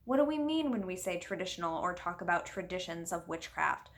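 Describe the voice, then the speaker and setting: A woman's voice: fairly low pitch, animated, brisk. A woman reviewing a book in a casual vlog, chatty and earnest, explaining things at length with little asides.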